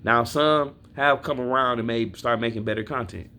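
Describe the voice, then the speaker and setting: A man's voice: medium pitch, normal speed, bright, forceful tone, slight background noise. Blunt, profane man venting to camera. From Milwaukee, Wisconsin. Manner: blunt, profane, talks straight to his viewers. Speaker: sports fan vlogger. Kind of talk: casual fan rant to camera.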